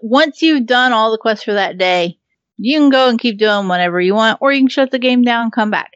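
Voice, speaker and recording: A woman's voice: on the high side, animated, brisk, dry recording. A woman in casual podcast chat who laughs often, swears freely, and talks with many ums and restarts. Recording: dull lo-fi recording.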